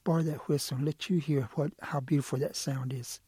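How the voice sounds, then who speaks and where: A man voicing a sly, smooth-talking male quail who coaxes and wheedles in a folk tale. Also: fairly high pitch, steady tone, fairly quick, warm tone, no room sound, clean studio sound. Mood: coaxing. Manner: coaxing, wheedling. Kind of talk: oral folk storytelling.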